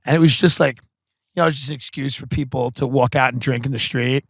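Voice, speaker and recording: Man, podcast host, comedic storytelling, profane, rambling, bright tone. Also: mid-range voice, fairly even intonation, fast talker, slightly rough, no room sound. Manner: rambling, profane, full of filler words.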